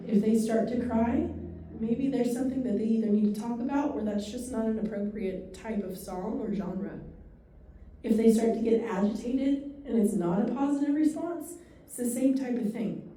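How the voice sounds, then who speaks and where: A woman giving a dementia care training talk to a live audience, telling stories and quick asides in a fast, animated way. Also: a little high, a little hiss or hum. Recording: echoey room from far off.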